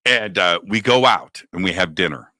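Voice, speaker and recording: Man in his 60s, host, animated storyteller with a wide-ranging low voice. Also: moderate pace, no room sound. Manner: animated, acts out quoted dialogue. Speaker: radio show host. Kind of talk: conversational storytelling.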